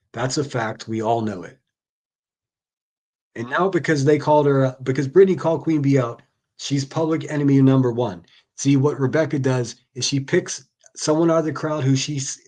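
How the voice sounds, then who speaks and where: A man's voice: medium pitch, darkish tone. Profane man ranting on a live stream. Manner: profane, exasperated, argues back at the clips. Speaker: live stream host reacting to clips. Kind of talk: casual ranting commentary.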